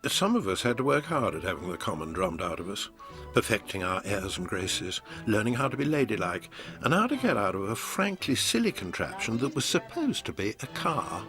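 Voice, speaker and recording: Male documentary narrator, low and lively, dry wit, music underneath. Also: fairly quick. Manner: dry, wry delivery. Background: music bed.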